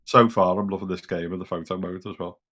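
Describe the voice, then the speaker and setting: A man's voice: sits low, fairly even intonation, fast talker, a bit bright. A British man chatting casually as a co-host on a gaming podcast, rambling and a bit sweary. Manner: rambling, loose and sweary, lots of "kind of".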